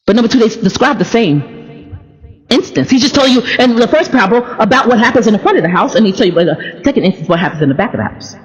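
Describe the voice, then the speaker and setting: A woman's voice: a little high, animated, quick pace, lo-fi sound, faint music behind. A woman preacher delivering a sermon in a blunt, joking way, often repeating words as she searches for the next phrase. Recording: long reverb of a large hall.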